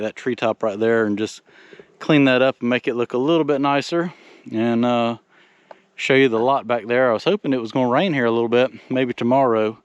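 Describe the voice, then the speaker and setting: A man walking a land-clearing site outdoors, talking plainly and a little out of breath as he explains the work, with filler words. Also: medium pitch, no echo. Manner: plainspoken, thinking aloud with fillers. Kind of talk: casual walk-and-talk vlog. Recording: dull lo-fi outdoor camera audio.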